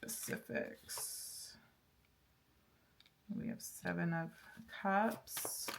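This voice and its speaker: A woman's voice: on the low side, a little slow, gravelly, noisy background. A woman giving a casual pick-a-card tarot reading, chatty and laughing often, with lots of fillers and restarts. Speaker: tarot reader.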